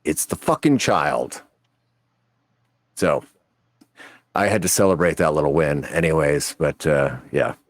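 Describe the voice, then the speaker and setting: Casting: very deep, profane co-host, dry close recording. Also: male voice, lively intonation, no echo. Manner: blunt, profane, slow. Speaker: podcast co-host. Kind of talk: casual chat.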